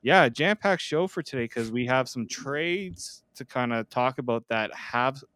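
A man's voice: medium pitch, expressive, measured pace, fairly bright tone, dry recording. A man hosting a daily hockey podcast, chatting casually and joking with his co-host. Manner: chatty, jokey, self-deprecating. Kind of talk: casual sports podcast chat.

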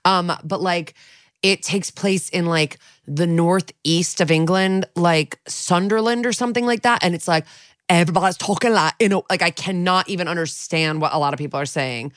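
American mom cohosting from home, lots of likes and giggles, kinda low voice, dead dry mic. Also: female voice, moderate pace, a bit bright, no room sound. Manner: rambling, filler-heavy, giggly. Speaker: podcast co-host. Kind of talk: casual chat. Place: home recording space.

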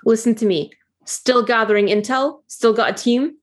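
A woman's voice: fairly high pitch, normal speed, natural voice. A woman voicing a pushy, streetwise female psychic agent who talks casually and swears.

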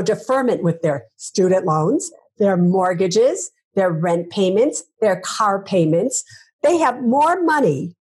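Breathy, emphatic woman finance author. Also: mid-range voice. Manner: emphatic, rhetorical questions, repeats herself. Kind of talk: interview answers.

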